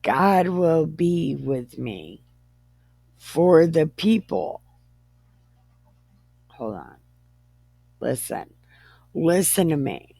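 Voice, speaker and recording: Woman reading scripture very slowly, giggly and irreverent, dry close sound. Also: low voice, big pitch swings, gravelly, dark tone, slightly rough, dry recording. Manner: giggly, stumbles over words and jokes as she reads. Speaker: Bible reader. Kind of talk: irreverent comedic Bible reading.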